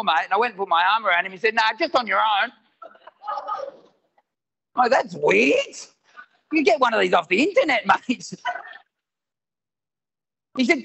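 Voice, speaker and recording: A high-pitched man in middle age, performing stand-up with a gravelly edge and a bright, sharp tone. He tells his stories in an animated way and shouts his punchlines. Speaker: stand-up comedian. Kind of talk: stand-up comedy set. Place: live venue with audience.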